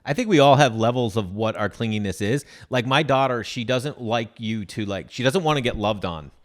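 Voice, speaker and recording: A man's voice: medium pitch, normal speed. A man, a guest comedian, telling stories about his kids in casual podcast chat. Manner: storytelling, laughing, acts out voices in anecdotes.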